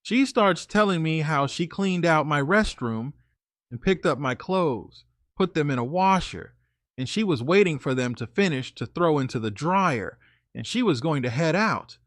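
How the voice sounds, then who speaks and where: A man telling a true story in the first person, relaxed and chatty, with a slightly high voice. He speaks straight to his listeners. The sound is dry and close, with no room echo. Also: moderate pace. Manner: casual, conversational, talks to listeners as "guys".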